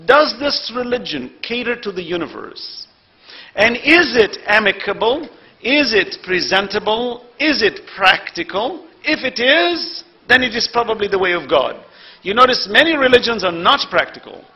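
A man preaching a sermon to a congregation in an earnest, rhetorical way, building to loud emphasis. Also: high-pitched, big pitch swings, moderate pace, low-quality recording.

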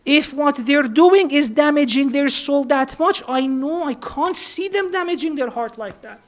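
A woman's voice: high voice, moderate pace. A woman giving an earnest, story-driven religious talk, building each account step by step and dropping in Persian and Arabic words. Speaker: religious speaker.

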